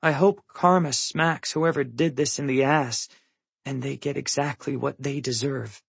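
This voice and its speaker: A man's voice: medium pitch, steady tone, a little slow, vocal fry, slightly rough, no room sound, voice pushed up, heavily acted. A man voicing a grieving, blunt teenage girl in an audiobook, her voice wobbly, shaky and wry. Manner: shaky, foul-mouthed and wry.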